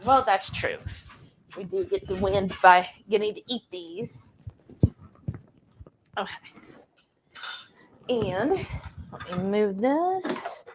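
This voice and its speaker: A woman co-hosting a live cooking stream, reading viewer comments aloud. She talks slowly and unhurriedly, with plenty of ums. Her voice sits at an ordinary pitch. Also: lively intonation, creaky, noisy background. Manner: slow, unhurried, lots of ums. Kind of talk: casual chat, reading out chat comments.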